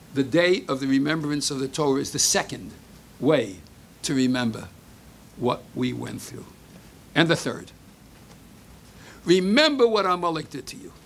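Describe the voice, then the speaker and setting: An older man giving a sermon, telling a story with Hebrew phrases mixed in, moving between hushed and emphatic delivery. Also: medium pitch, gravelly, slight background noise. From United States. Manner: mixes Hebrew phrases into English.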